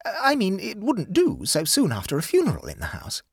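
A man's voice: high voice, huge pitch swings, moderate pace, creaky, husky, dry recording, clean studio sound, pitched above the performer's own voice, exaggerated voice. A man reading aloud, voicing an anxious, scandalised upper-class lady in a story. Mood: fretful. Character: fretful upper-class English lady, easily swayed.

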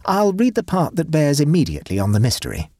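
A man voicing Egbert, an earnest, fussy young English gentleman who speaks in a raised, excitable voice. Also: fast talker, no echo, clean studio sound. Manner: earnest, excitable, pitch rising.

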